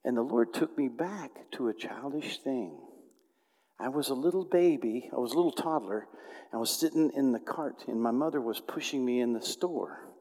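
A man preaching a storytelling sermon, swinging between loud outbursts and hushed tones. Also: mid-range voice, moderate pace, big-room sound.

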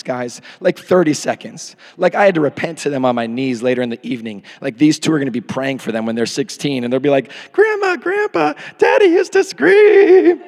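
A man in his thirties preaching a sermon into a microphone, swinging from hushed asides to shouted peaks. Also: on the high side. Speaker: pastor. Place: church hall. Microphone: handheld or podium microphone. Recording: long hall reverb.

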